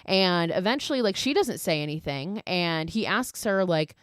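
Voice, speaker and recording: Low-voiced woman ranting through a recap. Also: animated, moderate pace, a bit bright, clear, resonant tone, no echo, clean studio sound. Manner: profane, exasperated asides; fillers of "like" throughout. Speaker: podcast host. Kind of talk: casual film recap.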